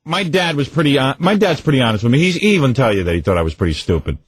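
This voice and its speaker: A middle-aged man hosting a radio show in casual banter, animated and mocking, acting out his parents yelling. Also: mid-range voice, very fast. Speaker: radio host.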